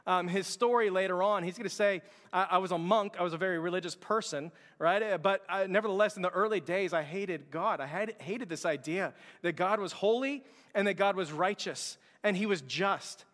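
A man's voice: sits high, normal speed, hardly any pauses, a bit bright. A man preaching a sermon as pastor, telling a story with passion and acting out quoted lines. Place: church sanctuary. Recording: long hall reverb.

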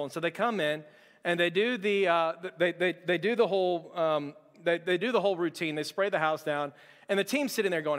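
A young man preaching a sermon as pastor, conversational and joking with quick asides. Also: high-pitched, fairly bright tone, in a large hall. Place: church sanctuary.

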